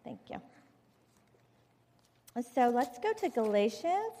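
A middle-aged woman with a fairly high voice gives a candid, confessional testimony from the stage. She talks with emphatic, heartfelt directness, and her words ring out with a long hall reverb behind them. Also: very animated, slow, dark tone. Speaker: conference speaker. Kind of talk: personal testimony sermon.

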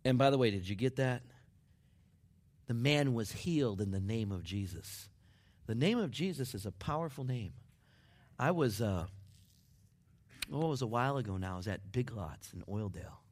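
A man preaching a sermon, dropping to near whispers and building up to excited shouts. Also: mid-range voice, normal speed, long pauses. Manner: dramatic swings from hushed to shouting. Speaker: pastor.

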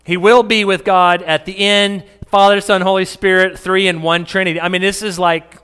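A man's voice: high-pitched, level tone, normal speed, a bit bright, clear, resonant tone. A man preaching a sermon to a congregation in a conversational, joking way. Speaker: pastor. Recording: echoey hall.

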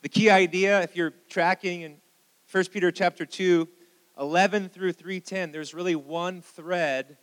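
A man with an American accent, a pastor preaching a sermon in church and leading prayer, moving between hushed prayer and fervent calls to the congregation. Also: high voice, steady tone, measured pace, long reverb tail, poor audio. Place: church sanctuary.

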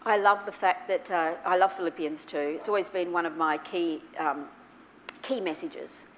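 A woman pastor preaches to her church with a voice on the low side at normal speed, against slight background noise. Telling a personal story, she swings widely between soft, quiet passages and loud, excited ones.

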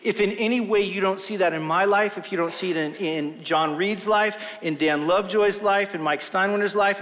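Pastor guy preaching, high voice, earnest and punchy, big echoey church hall. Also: a bit bright. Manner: earnest, emphatic preaching with self-deprecating jokes. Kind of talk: sermon. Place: church sanctuary. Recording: long reverb of a large hall.

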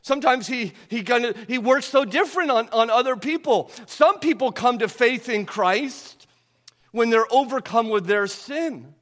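A man preaching a sermon who asks his congregation rhetorical questions, swinging between loud emphasis and hushed, quiet passages. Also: extremely high pitch, moderate pace. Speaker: pastor. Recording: long hall reverb.

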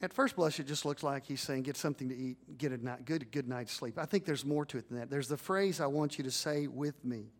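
A man's voice: mid-range voice, brisk, few pauses. A man preaching a sermon as pastor, building to emphatic peaks and leading the congregation in call-and-response.

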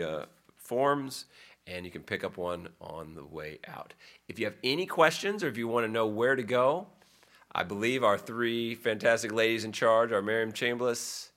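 A man reads out church announcements from the pulpit. His voice sits a little low but sounds bright and forceful. He talks in a folksy, conversational way and turns aside now and then to people in the pews. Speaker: pastor giving church announcements.

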